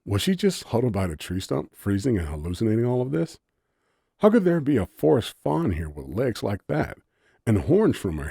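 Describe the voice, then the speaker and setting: A man narrating an audiobook story in a low-key, softly spoken manner. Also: creaky, slightly rough, dry recording, clean studio sound.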